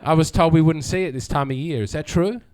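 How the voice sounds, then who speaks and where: Guy doing stand-up, high voice, dry sardonic crowd work. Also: quick pace, darkish tone. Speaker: stand-up comedian. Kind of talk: stand-up comedy set. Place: comedy venue with live audience.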